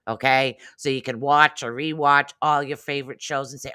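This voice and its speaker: A man's voice: medium pitch, steady tone, fairly quick, pushed and bright, clear, resonant tone, no room sound. A man hosting a casual livestream chat, talking in a rambling, chatty way and drifting off topic. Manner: rambling, chatty, easily sidetracked. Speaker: show host.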